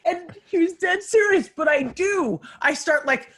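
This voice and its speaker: A woman hosting a casual chat, giggling and telling stories with animated energy. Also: very high voice, unhurried.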